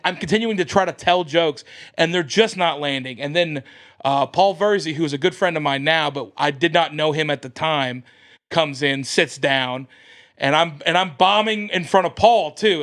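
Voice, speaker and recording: A comedian guest on a podcast, an American man with a somewhat high voice, tells a story in a lively, animated way, acting out the people he quotes.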